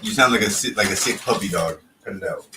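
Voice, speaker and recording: A man hosts a casual livestream in a fairly low voice. He keeps pressing his guest with teasing, needling questions. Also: fast, noisy background. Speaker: livestream host.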